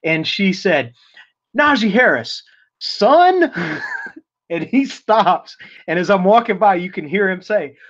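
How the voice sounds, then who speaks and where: A man with a slightly raised voice co-hosts a casual sports podcast, telling anecdotes in an animated way and laughing along. The recording is somewhat dull and lo-fi. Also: sits high, normal speed. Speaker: podcast co-host.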